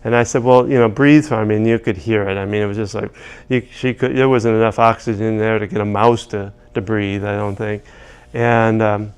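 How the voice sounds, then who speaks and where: A man's voice: fairly low pitch, flat delivery, moderate pace, clean tone. A man teaching tapping, telling a long rambling story full of restarts and asides. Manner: rambling, many restarts and "you know"s. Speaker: EFT practitioner. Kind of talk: casual teaching with anecdotes.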